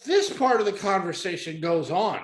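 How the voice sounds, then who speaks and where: Animated high-voiced male storyteller. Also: moderate pace. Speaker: guest comedian. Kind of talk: casual storytelling. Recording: roomy echo.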